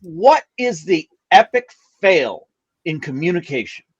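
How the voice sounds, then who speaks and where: Man, show host, friendly, relaxed, lively intonation. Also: sits high, a little slow, slightly rough, dull audio. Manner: friendly, relaxed, asks questions. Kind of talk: hosting a talk show.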